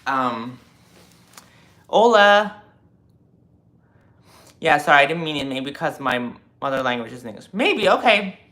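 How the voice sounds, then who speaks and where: A man in his twenties on a casual live stream, reading viewer comments and answering them in an animated, lecturing way with lots of fillers. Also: mid-range voice, brisk, few pauses. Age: 20s.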